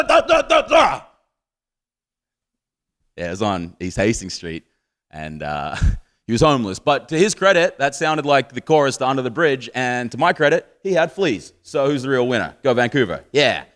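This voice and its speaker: A man in his thirties with an Australian accent, performing a crude, rambling stand-up set on a live stage and chuckling at his own jokes. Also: on the low side. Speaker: stand-up comedian.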